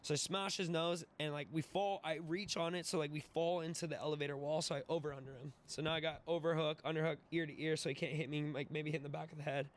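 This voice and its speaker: A man telling a fight story in casual, profane, animated style, acting out the voices of the people in it. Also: fairly high pitch, fast talker, few pauses. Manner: animated, profane, acts out voices in his stories. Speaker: podcast guest, mixed martial artist.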